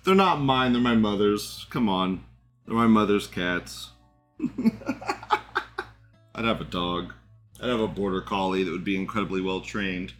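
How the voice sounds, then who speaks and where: A man's voice: deep voice, unhurried, pauses often, soft background music. A man hosting a live stream, reading chat comments aloud and commenting in a rambling, indignant way, swearing and laughing often.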